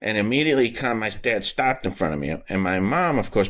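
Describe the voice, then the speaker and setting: Deep-voiced man, choked up, halting. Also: very animated, a bit bright. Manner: halting, repeats words, emotional. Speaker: podcast host. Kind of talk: casual personal storytelling.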